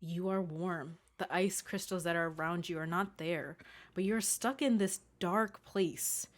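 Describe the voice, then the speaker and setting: A woman's voice: on the low side, measured pace. A woman narrating as game master, describing scenes in a hesitant way with many fillers.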